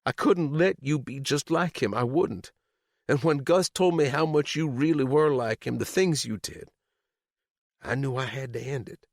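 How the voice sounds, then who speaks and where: A man's voice: mid-range voice, moderate pace, no room sound, clean studio sound, pitched above the performer's own voice, lightly acted. A man voicing a furious, vengeful mother held captive for decades, who shrieks her accusations in an audiobook. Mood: bitter, regretful. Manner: shrieking, bitter, trembling. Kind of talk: audiobook character reading.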